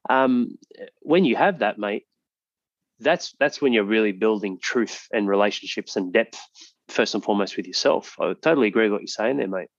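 A podcast host with a lowish voice talks earnestly in a motivational way and swears freely. The sound is dull and lo-fi with a dry, close feel. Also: male voice, animated, moderate pace, no echo. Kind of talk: casual podcast chat.

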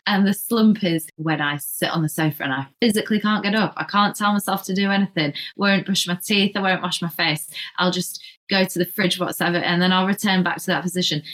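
A young woman talks in a chatty, easygoing way. Her voice sits in a mid range, and her pace runs quick, sometimes rushing ahead and sometimes slowing. She is self-deprecating and laughs easily. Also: mid-range voice, a bit bright. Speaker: guest, yoga and flexibility instructor. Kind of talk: casual podcast conversation.

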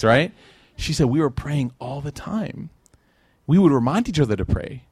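A man's voice: mid-range voice, brisk, breathy edge, no echo, clean studio sound. A man giving a religious lecture to a live audience, conversational and joking, acting out the people in his stories. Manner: conversational and joking, with animated quoted voices.

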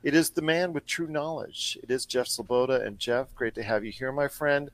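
A man hosting a pop culture radio show and podcast, with an energetic, promo-style delivery. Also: medium pitch, moderate pace. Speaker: podcast host.

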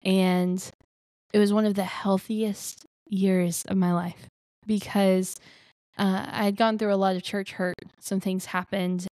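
A woman's voice: on the low side, a little mellow, no echo. A young woman from Alabama, a life coach, telling her personal story in an earnest, chatty way with many fillers.

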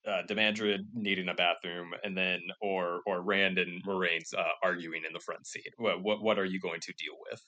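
A man's voice: deep voice, steady tone, moderate pace, hardly any pauses, sharp tone, highs cut off. A man narrating a comedic tabletop game as game master, rambling with many fillers and restarts.

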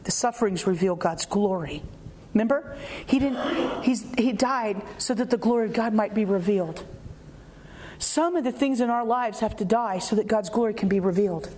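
A woman preacher giving an animated, conversational sermon, acting out quotes and laughing often. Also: mid-range voice, moderate pace, a little hiss or hum.

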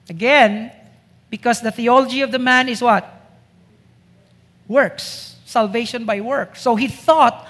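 At a moderate pace, a man with an extremely high, fairly bright voice preaches to a congregation. His emphatic delivery leans on repeated rhetorical questions, and the hall gives a long reverb.

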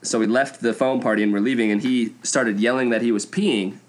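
A young man co-hosting a casual podcast, telling stories in a relaxed way with frequent laughs. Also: mid-range voice, brisk. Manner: laid-back, laughing storyteller. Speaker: podcast co-host. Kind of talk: casual storytelling podcast chat.

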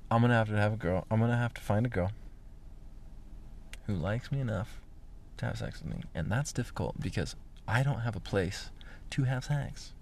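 Gravelly young man rambling bluntly. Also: on the low side, normal speed, long pauses, a little hiss or hum. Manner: rambling, blunt, profane, drifting into hushed whispers. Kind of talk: candid vlog monologue. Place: indoors, a room where he is staying.

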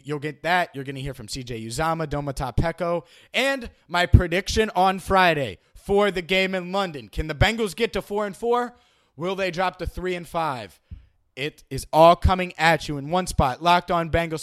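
A man's voice: fairly high pitch, a bit bright. A young man hosting a casual sports podcast, chatty and self-deprecating, often stumbling and repeating words. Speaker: podcast host.

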